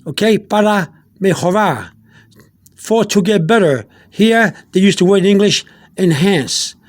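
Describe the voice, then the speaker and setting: A man with a high voice gives a loose, unscripted video lesson. He rambles and stops often on fillers, says the same words twice, and slows right down to sound out foreign words. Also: lively intonation. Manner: spells out Spanish words slowly. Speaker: Spanish teacher.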